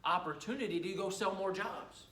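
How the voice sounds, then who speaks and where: A man's voice: high-pitched, moderate pace, bright, forceful tone, echoey room, far from the mic, low-quality recording. A middle-aged man running a cleaning business gives a casual training talk to a live audience, telling stories and acting out customers' lines. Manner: chatty storyteller who acts out customers' lines.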